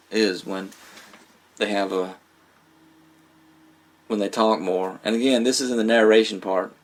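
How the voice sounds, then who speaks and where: Man, film reviewer, casual vlog, rambling, fillers and restarts, low voice. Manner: rambling, with frequent fillers, restarts and small laughs. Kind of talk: casual spoken movie review.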